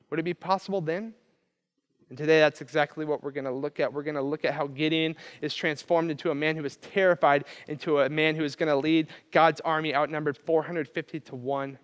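A male pastor preaching a sermon, telling a story with animated energy and briefly acting out the people he quotes. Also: on the high side, in a large hall. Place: church.

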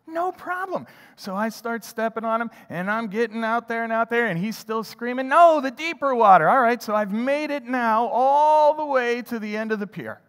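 A man preaching a sermon, telling a childhood story with animated delivery and acting out his own thoughts. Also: very high-pitched, normal speed, hardly any pauses, clean tone, big-room sound. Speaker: pastor. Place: church sanctuary.

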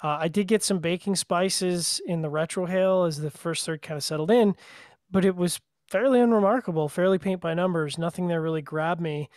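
A man's voice: high-pitched, brisk, a little mellow, dry recording, clean studio sound. A man from Canada co-hosting a casual podcast, chatty and joking, with many fillers. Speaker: podcast co-host.

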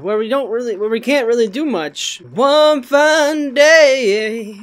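A gaming channel host giving casual let's-play commentary, goofy and rambling, swearing often. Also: medium pitch.

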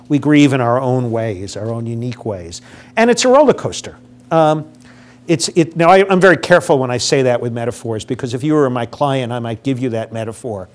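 A man's voice: mid-range voice, lively intonation, fairly quick. An older man giving a public lecture on grief to a live audience, speaking conversationally, asking the audience questions and acting out what grieving people say.

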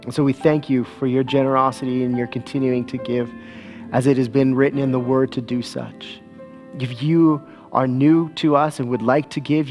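Gentle-voiced pastor speaking slowly. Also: male voice, mid-range voice. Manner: gentle, slow and soothing with children. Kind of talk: church service announcements and children's talk. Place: church.

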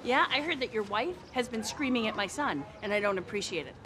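An actress playing an indignant, combative mother who accuses and shouts in outrage. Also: animated, a little fast, a little hiss or hum. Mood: outraged. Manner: indignant, accusing, shrill outbursts. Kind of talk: film comedy acting.

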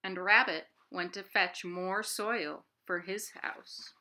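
A children's librarian reads a picture book aloud to kids from home, telling the story expressively and adding sound effects. Her voice is on the low side and her pace is slow.

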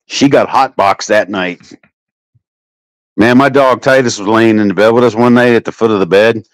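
Speaking at normal speed with no room sound, a man runs a casual home livestream chat. He spins crude tales packed with profanity, delivered with lively shifts in pitch.

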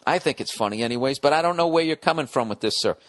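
A man's voice: medium pitch, expressive, fast talker, fairly bright tone. Profane, rambling male podcast host. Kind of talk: comedic solo podcast rant.

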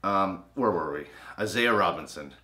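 A man's voice: low voice, animated, moderate pace, sharp tone. A young man co-hosting a trailer reaction video, trading crude, teasing jokes in casual chat. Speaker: co-host of a trailer reaction channel.

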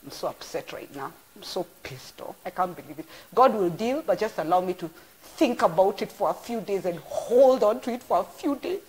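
A middle-aged woman, preaching an informal live-streamed sermon as an animated storyteller full of exclamations. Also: mid-range voice, moderate pace, husky. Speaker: church apostle.

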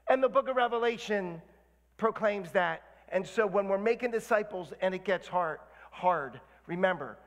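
A man's voice: high-pitched, long reverb tail. A man preaching a sermon as a guest pastor, fiery and rousing, talking straight to his congregation. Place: church sanctuary.

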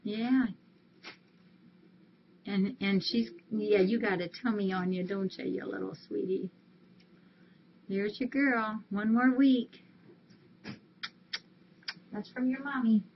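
A woman's voice: medium pitch, slow, pauses often. Brief: woman on a casual live stream from a cat rescue, cooing fondly at the cats over muffled audio. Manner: coos affectionately at cats. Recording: dull lo-fi stream audio, faint hiss.

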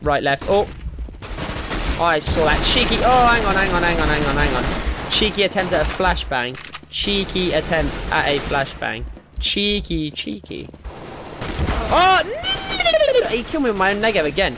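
A young man commentating his own gameplay, excitable and sweary, often yelping into squeaky high notes. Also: normal speed, very noisy. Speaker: gaming YouTuber. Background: game music and gunfire.

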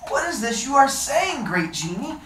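A man voicing a frightened fisherman who pleads in high, strained cries, heard from a distant mic in a roomy space. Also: very animated, normal speed, sharp tone, a little hiss or hum, heavily acted. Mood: pleading.

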